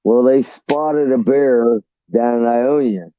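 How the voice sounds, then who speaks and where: A man's voice: medium pitch, slow. A man calling in to a talk show and telling a long, rambling, profane story, tripping over his words as he goes. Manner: rambling, profane, restarts often. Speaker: caller. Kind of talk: casual storytelling on a call-in show. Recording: dull lo-fi line.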